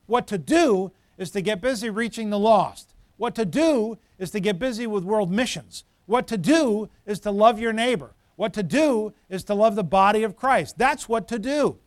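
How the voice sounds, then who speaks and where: A man's voice: high-pitched, expressive, moderate pace, few pauses, no room sound, clean studio sound. A middle-aged man preaching a sermon in a conversational, storytelling way with emphatic build-ups. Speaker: pastor.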